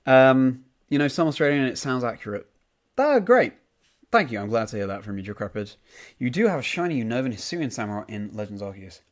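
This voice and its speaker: A young British man streams a game, casually reading chat messages aloud and answering them, with plenty of ums. His voice is medium-pitched, brisk and sing-song.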